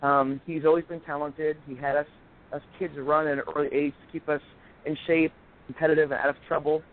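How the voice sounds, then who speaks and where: A man in his forties, a guest in a casual chat, telling stories with animated delivery and acting out quoted voices. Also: on the high side, brisk, a little hiss or hum. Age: 40s. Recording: tinny phone line.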